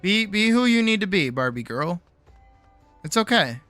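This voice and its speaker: Tired, bright-voiced late-night streamer, swearing. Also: male voice, high-pitched, very animated, moderate pace, faint music behind. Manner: rambling, swears freely, self-mocking. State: tired, sore jaw. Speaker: streamer and animator. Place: home streaming setup.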